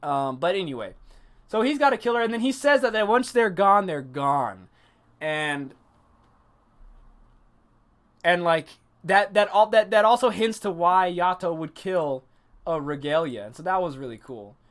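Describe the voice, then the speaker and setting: Man, livestream anime reviewer, casual, animated, swears freely, talks to chat. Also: high voice, moderate pace. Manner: animated, profane, reacts to chat.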